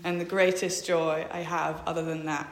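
A young woman tells her faith story in a flat, level voice, pausing often and filling gaps with ums. She reads verses aloud between her own thoughts. The room around her gives a clear echo. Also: low voice. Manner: hesitant, many ums, reads out Bible verses. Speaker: speaker sharing a faith testimony. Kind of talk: personal faith testimony. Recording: echoey room.

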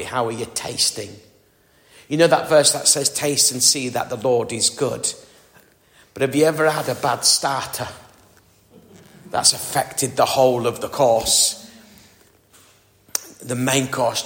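Northern English preacher in an echoey hall. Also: male voice, medium pitch, vocal fry, fairly bright tone. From northern England. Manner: chatty, self-deprecating, asks the congregation questions. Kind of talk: sermon. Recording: echoey hall with long reverb.

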